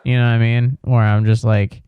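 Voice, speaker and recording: A man's voice: medium pitch, little pitch movement, brisk, narrow, tinny audio, slight background noise. A young adult man hosting a solo comedy podcast, rambling and swearing with a self-mocking tone.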